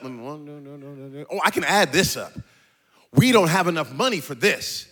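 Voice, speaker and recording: A middle-aged man preaches from a church stage with a fairly high voice. He swings into a chanting, sing-song cadence and climbs to shouts. Between points he drops into joking asides and laughs. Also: animated, slow. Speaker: pastor. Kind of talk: sermon.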